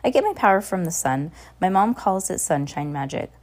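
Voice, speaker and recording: A woman's voice: fairly low pitch, big pitch swings, fairly quick, a little mellow. A woman voicing a cheerful, confident young girl witch who talks in a breezy, encouraging way.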